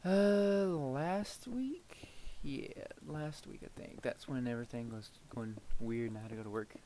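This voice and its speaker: A man's voice: mid-range voice, fairly quick, darkish tone. A man chatting casually over his own gameplay, rambling from one story to the next. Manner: rambling and chatty, with frequent fillers and laughs. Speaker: gameplay video creator.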